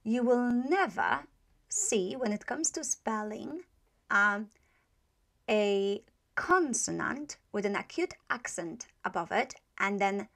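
A woman's voice: medium pitch, lively intonation, slow, gravelly, a bit bright. A woman teaching a pronunciation lesson. She demonstrates each sound patiently and repeats it several times, with frequent hesitations. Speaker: language teacher.

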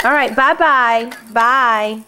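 A woman's voice: a little high, slow, pushed and bright, slight background noise, rough recording. A woman filming her babies at home on a handheld camcorder, playful and cooing, laughing often as she talks to them. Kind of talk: home video chat. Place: at home indoors.

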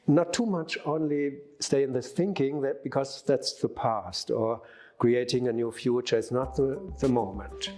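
A man reflecting haltingly in an interview. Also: medium pitch, a little mellow.

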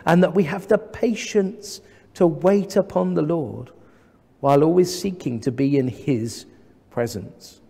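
English vicar preaching in a reverberant church. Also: male voice, a little high. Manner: measured, gently humorous preaching with rhetorical questions. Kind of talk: sermon. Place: large church.

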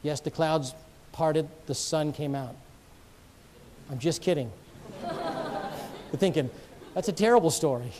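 High-voiced man preaching a sermon. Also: normal speed, long pauses, a little mellow, some chatter behind, slight background noise. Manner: earnest, storytelling with jokes to the congregation.

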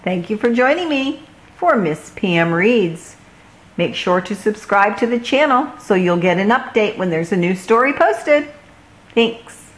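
Slow, expressive woman reading a storybook. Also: medium pitch, rough recording. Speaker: children's story reader. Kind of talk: storybook read-aloud.

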